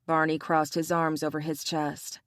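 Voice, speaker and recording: A woman narrates a romance audiobook with steady, even storytelling. Her voice sits slightly low and the recording is dry and close. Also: moderate pace, no room sound.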